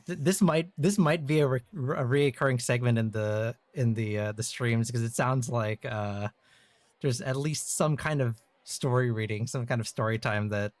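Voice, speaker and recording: A man's voice: medium pitch, normal speed, no room sound. A man hosting a live-stream story time, chatting in an easygoing way and thinking aloud. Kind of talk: casual live-stream chat.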